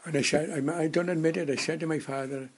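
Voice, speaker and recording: A man in his nineties reminiscing in casual conversation, a halting storyteller who rambles and restarts his sentences. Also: fairly high pitch, steady tone, husky. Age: 90s. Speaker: interviewee.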